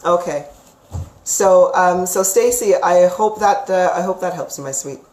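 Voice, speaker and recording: A woman's voice: on the low side, a little slow, a little mellow, a little hiss or hum. A woman giving psychic readings on a live stream, chatty and emphatic, sometimes ranting. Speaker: psychic reader. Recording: echoey room.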